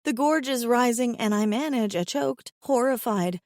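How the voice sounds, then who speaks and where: A woman narrating a first-person romance audiobook, expressive with a wry inner voice. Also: on the high side, moderate pace, no room sound, clean studio sound.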